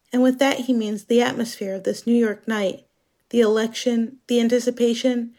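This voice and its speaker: A woman from Germany performing a scripted dramatic monologue as narrator, speaking in a slow, measured, introspective way. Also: on the high side, mellow.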